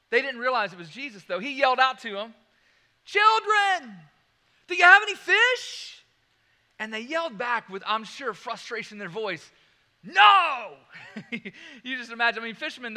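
A male pastor delivers a lively, story-driven sermon. His voice sits very high and sounds sharp and bright. He swings between loud bursts and quiet, dropped-down lines. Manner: animated, storytelling with laughs and asides.

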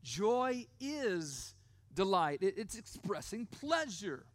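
A middle-aged male pastor giving a sermon. He stresses key words, slows down to repeat them, and often checks in with "right?". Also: high voice, big pitch swings, no echo. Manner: emphatic, repeats key words slowly, asks the crowd "right?".

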